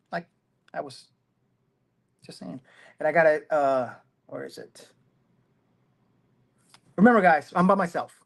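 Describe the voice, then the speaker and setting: A middle-aged man hosting a casual commentary livestream from his phone, rambling and self-mocking, laughing often. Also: on the high side. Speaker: host.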